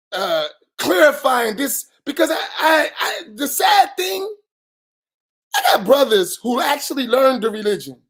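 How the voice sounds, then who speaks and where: A middle-aged imam, giving an emphatic post-dawn-prayer talk full of rhetorical questions and bursts of raised voice. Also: male voice, very high voice, creaky, fairly bright tone. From United States.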